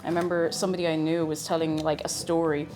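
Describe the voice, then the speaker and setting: In a home kitchen with faint music playing, a young woman streams herself baking, greeting viewers, rambling casually and teasing herself. Her voice sits low and has a darkish tone, and she talks fast with a flat delivery.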